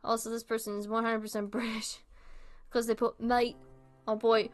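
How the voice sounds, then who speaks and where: Swearing, animated young woman host. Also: on the high side, moderate pace, pauses often, soft background music. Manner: animated, swears freely, laughs often. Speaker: video host reading online posts. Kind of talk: casual commentary.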